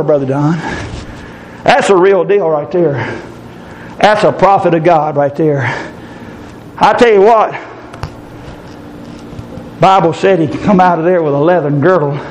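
A man preaching a sermon in church, swinging from shouted climaxes down to quiet, low asides. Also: a little hiss or hum, low-quality recording.

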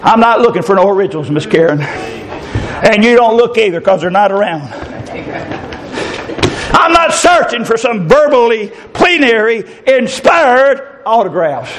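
A man's voice: high-pitched, very animated, unhurried, fairly bright tone. A middle-aged man, preaching a folksy, fervent sermon and calling out to listeners by name.

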